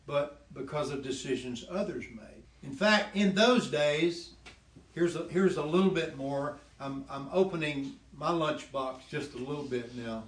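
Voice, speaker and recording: A man casually telling the story of his faith testimony, animated and laughing often, dropping lower when he quotes God. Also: a little slow, reverberant, slight background noise. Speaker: guest sharing his testimony.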